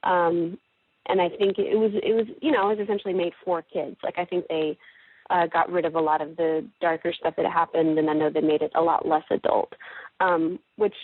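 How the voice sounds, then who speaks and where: Young woman, chatty interview guest, lowish husky voice, dry phone-line sound. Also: dry recording. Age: young adult. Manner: chatty, lots of "like" and "you know". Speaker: guest voice actress. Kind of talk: casual interview over the phone.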